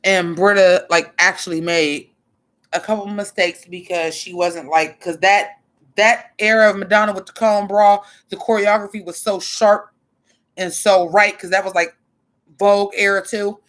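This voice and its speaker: Woman, casual stream commentator: blunt, expressive, swears, talks back to chat. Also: mid-range voice, normal speed. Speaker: drag show commentator.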